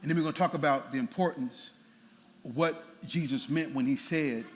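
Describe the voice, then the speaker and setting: A pastor preaching a sermon, playful and animated, tossing laughing asides to the congregation. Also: male voice, a little high, normal speed. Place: large church sanctuary. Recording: church hall reverb with faint room noise.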